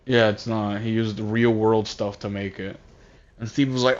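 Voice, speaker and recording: A man casually recapping a movie while playing a game, rambling and halting, often distracted. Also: on the low side, fairly even intonation. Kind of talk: casual chat. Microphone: console voice chat headset. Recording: dull lo-fi voice chat audio.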